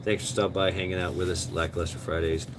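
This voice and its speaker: A man's voice: sits low, level tone, quick pace, background noise. A man hosting a casual live stream outdoors, rambling and crude with many fillers, his voice getting strained. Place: outdoors, smoking a cigarette.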